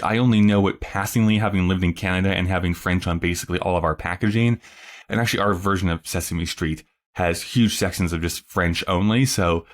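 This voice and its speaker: A young man hosting a podcast, musing casually with lots of fillers. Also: low-pitched. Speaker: podcast host.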